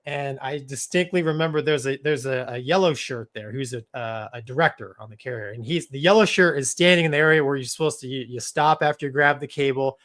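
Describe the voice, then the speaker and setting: Speaking at a medium pitch, fairly quickly and with few pauses, this middle-aged co-host of a live show, once a Navy fighter pilot, shares a casual story. It's animated, full of "man" and "dude," with laughter breaking into his sentences.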